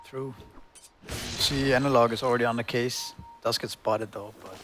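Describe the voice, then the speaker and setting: A man giving measured, analytical color commentary on an esports match. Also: medium pitch, steady tone, a bit bright, a little hiss or hum. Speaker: esports co-caster.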